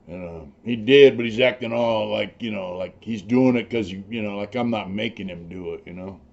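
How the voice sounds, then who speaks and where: A man's voice: lowish voice, a little fast, vocal fry, few pauses, a little mellow, dull audio. An older man, a former prisoner, telling his stories in a rambling, profane, casual way full of "you know". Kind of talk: casual storytelling.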